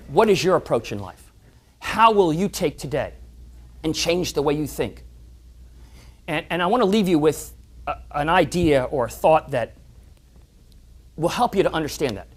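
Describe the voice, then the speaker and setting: A man's voice: on the high side, husky. A man giving a motivational talk to a club audience, acting out voices in his stories. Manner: animated, acts out quoted voices and stories. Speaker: motivational speaker. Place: club meeting room.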